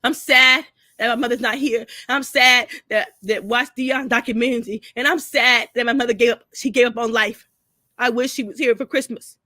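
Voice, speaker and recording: In a clean studio recording with no room sound, a tearful vlogger rants emotionally to her camera, swearing and repeating herself. She speaks at normal speed in a fairly high, pushed and bright voice with fairly even intonation.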